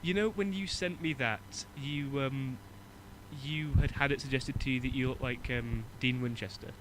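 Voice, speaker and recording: A man from Germany talking in a loose podcast chat, full of ums, restarts and laughter. His voice sits at a middle pitch. It comes over a home computer mic on a call, with a faint hiss behind it. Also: moderate pace, a bit bright, low-quality recording. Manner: rambling, lots of fillers and restarts, laughs often. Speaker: podcast co-host. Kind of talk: casual group chat.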